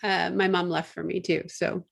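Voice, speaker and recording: A woman's voice: lowish voice, flat delivery, normal speed, vocal fry. A woman asking questions on a video call in a friendly, encouraging way. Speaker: interviewer. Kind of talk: casual chat on a video call.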